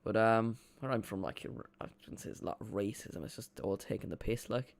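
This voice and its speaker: A man's voice: lowish voice, brisk, vocal fry, no echo. A young Irish man chatting casually while streaming a football watchalong from home, rambling with frequent restarts. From Ireland. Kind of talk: casual live commentary.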